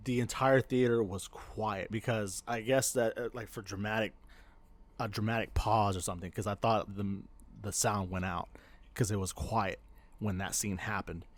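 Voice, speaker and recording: A man with a fairly low voice co-hosts a podcast, swapping stories in relaxed conversation. He rambles, laughs a lot, and keeps restarting his sentences. The recording has no room sound.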